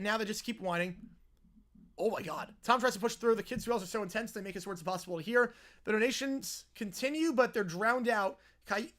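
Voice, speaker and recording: A man's voice: high-pitched, a bit bright. A man hosting a live stream who chats and reads a story aloud, often laughing at it. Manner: chatty, laughs at what he reads.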